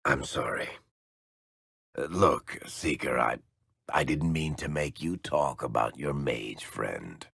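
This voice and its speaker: A man's voice: extremely low pitch, takes it slowly, vocal fry, a bit bright, slightly rough, no room sound, studio quality, full character voice. An actor playing a wry, teasing middle-aged male dwarf storyteller in sarcastic video game companion banter. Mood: apologetic.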